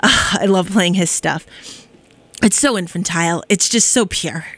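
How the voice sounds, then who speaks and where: A woman's voice: fairly low pitch, normal speed, a bit bright, dry recording. Bubbly rambling woman radio DJ. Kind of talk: casual radio chat.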